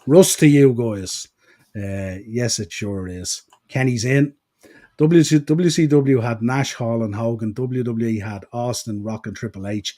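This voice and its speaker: A man from Ireland with an east-coast Dublin-Wicklow accent hosts a wrestling podcast, speaking in a mid-range, dark-toned voice at an unhurried pace. He chats casually and rambles with fillers while reading out viewer comments.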